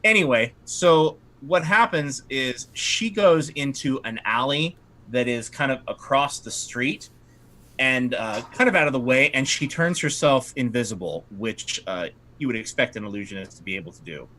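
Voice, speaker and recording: A man's voice: medium pitch, expressive, normal speed, pushed and bright. A man narrating as game master of a tabletop game, in a loose, rambling way with many fillers.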